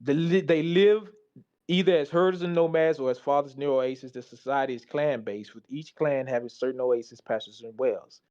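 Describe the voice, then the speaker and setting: A man's voice: mid-range voice, moderate pace, a little mellow, muffled recording. A tired man giving a casual, slangy presentation, reading slides aloud and reacting to them. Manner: loose, slangy, talks back to the slides.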